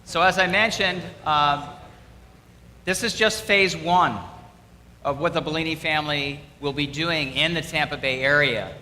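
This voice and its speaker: Middle-aged guy pumping up students, upbeat and emphatic, fairly high bright voice, echoey hall, bit of room noise. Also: measured pace. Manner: emphatic, upbeat, repeats key words. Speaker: donor addressing students. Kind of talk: motivational speech. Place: school hall, audience present.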